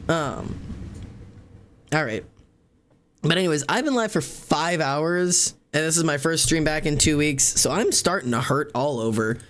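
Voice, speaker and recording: Rambling jokey young streamer, higher voice. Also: male voice, measured pace, fairly bright tone. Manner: rambling, jokey, chats with viewers and cats. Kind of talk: casual live-stream chat.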